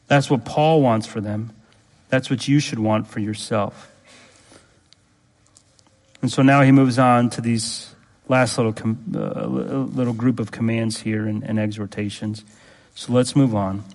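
A man preaching with earnest emphasis, circling back to repeat his points and pressing his listeners with direct questions. His voice sits at an ordinary middle pitch. It rings out with a long reverb, as in a church sanctuary. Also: unhurried, a little mellow. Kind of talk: sermon.

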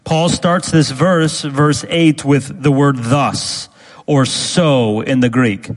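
A man preaching a sermon as pastor, speaking deliberately and repeating key phrases for emphasis. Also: mid-range voice, steady tone, big-room sound, low-quality recording.

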